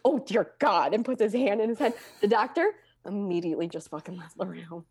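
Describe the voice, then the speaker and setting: A young adult woman telling her own story in casual talk, with deadpan jokes and lively acted-out quotes. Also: quick pace, few pauses, husky, no room sound. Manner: deadpan humor, acts out quotes with lively pitch jumps.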